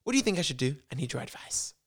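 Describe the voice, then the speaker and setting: A man's voice: a little high, big pitch swings, rapid-fire. A man voicing an overwrought young woman on the phone, in a posh English accent drifting into American, reading stiffly and melodramatically. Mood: dramatic. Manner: melodramatic, stilted script reading.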